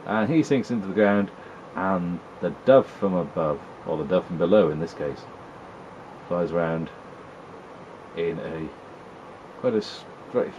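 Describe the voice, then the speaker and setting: A man's voice: deep voice, measured pace, long pauses, darkish tone, lo-fi sound, slight background noise. A man giving wry, chatty commentary while playing an old video game, teasing the characters on screen. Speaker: retro gaming video host. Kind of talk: casual gameplay commentary.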